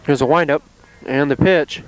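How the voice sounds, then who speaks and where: A man calling play-by-play at an amateur softball game outdoors, in a calm, steady, plainly descriptive way. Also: on the high side, normal speed, clear, resonant tone, low-quality recording. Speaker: play-by-play announcer.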